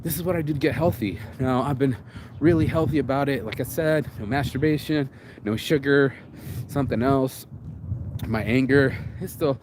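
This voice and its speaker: A man's voice: medium pitch, normal speed. Raw-voiced man venting outdoors in traffic. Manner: raw, profane, rambling and confessional. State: shaken from crying. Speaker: vlog host. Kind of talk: emotional walking monologue. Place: outdoors on a street in the rain.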